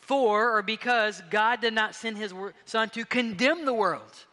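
A man preaching from a pulpit with a high, bright, ringing voice. He moves between forceful emphatic lines and soft, hushed ones, and his words trail off into the long reverb of a big church hall. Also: measured pace. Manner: impassioned, swinging between loud emphatic bursts and hushed intimate passages. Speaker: pastor. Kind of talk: sermon. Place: church sanctuary.

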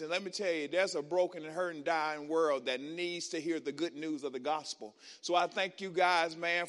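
Guest preacher, male: high, bright tone; rousing call-and-response delivery in a reverberant sanctuary. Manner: colloquial Southern Black church speech. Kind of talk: sermon. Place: church sanctuary. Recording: long church-hall reverb.

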